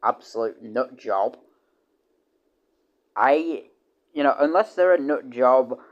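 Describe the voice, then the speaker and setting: A man in the middle of an unscripted stream, talking off the cuff at an average pitch. His sentences stall and restart, with words repeated over and over. He swears bluntly, and his voice jumps up loudly whenever he gets excited. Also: takes it slowly, muffled recording. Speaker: livestreamer. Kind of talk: casual rambling chat.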